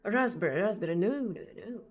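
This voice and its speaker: A Russian-accented woman streaming live, talking to her chat in a loose, unhurried way. Her pitch sits in an ordinary middle range for a woman. She searches for words, repeats herself, and often drops in small fillers. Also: animated. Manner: hesitant, many fillers and repeated words, frequent laughs.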